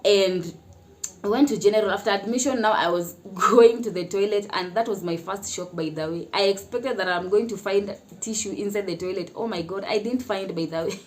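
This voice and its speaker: A woman's voice: medium pitch, brisk. A Kenyan woman telling a personal story in a casual vlog, chatty, often laughing and mixing in Swahili phrases. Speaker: mother sharing her experience.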